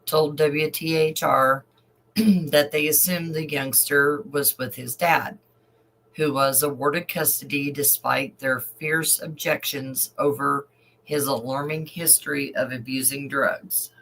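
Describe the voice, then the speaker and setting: Slow-reading man, emotional commentator. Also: on the high side, steady tone, creaky, a bit bright, a little hiss or hum, low-quality recording. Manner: slow, emotional asides between read passages. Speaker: online commentator. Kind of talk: reading news aloud with commentary.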